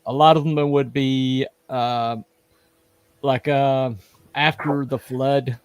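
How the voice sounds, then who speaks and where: A man hosting a casual livestream chat, quoting scripture haltingly with many fillers. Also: mid-range voice, steady tone, clear, resonant tone, no room sound. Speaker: host.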